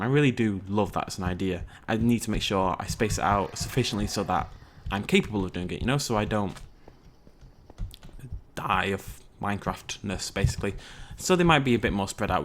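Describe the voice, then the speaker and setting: A man's voice: fairly low pitch, a little hiss or hum. A man, hosting a let's play and giving casual, rambling gameplay commentary while chatting to his viewers. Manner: chatty, rambling, self-mocking, talks to viewers.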